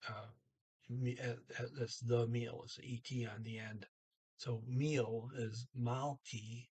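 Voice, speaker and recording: A slow, unhurried man explains a language lesson. His voice is husky and a little breathy. He halts often, filling gaps with "uh" and "um" as he works things out aloud. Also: medium pitch, little pitch movement, darkish tone. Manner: thinking aloud, halting with fillers. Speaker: language teacher.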